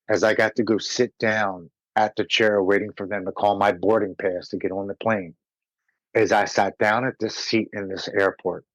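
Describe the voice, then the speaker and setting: A man telling his personal recovery story as a podcast guest, earnest and slowing down on heavy moments. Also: on the low side, dry recording, poor audio.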